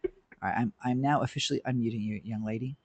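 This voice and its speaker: A man's voice: medium pitch, fast, noisy background. A man co-hosting a webinar, fumbling and talking to himself as he handles the call controls. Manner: fumbling, talks to himself while working the controls. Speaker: webinar co-host, moderator. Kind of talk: casual chat.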